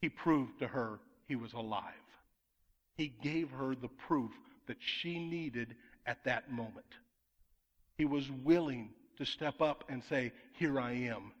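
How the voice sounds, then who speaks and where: A man's voice: medium pitch, takes it slowly, slightly rough, dull audio. A man preaching a sermon as pastor, emphatic, with rhetorical questions to the congregation. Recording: long reverb of a large hall.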